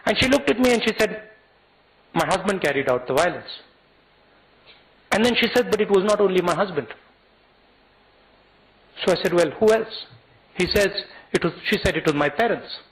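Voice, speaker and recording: A man with an Indian English accent gives a speech to college students, telling a personal story in an earnest, halting way, with restarts and quoted dialogue. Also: high-pitched, expressive, fairly bright tone, rough recording. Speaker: guest speaker addressing college students.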